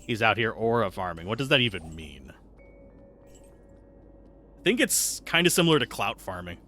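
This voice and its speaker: A man's voice: on the low side, very animated, unhurried, pauses often, sharp tone. A man streaming gameplay live, chatting in a rambling, self-deprecating way while answering chat. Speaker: streamer playing a game live.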